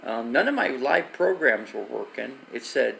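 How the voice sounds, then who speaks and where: Gravelly man rambling on a phone stream. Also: mid-range voice, animated, normal speed, a bit bright, a little hiss or hum, poor audio. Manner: rambling storyteller with restarts, reads viewer comments. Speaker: live streamer. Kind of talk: casual rambling live stream chat.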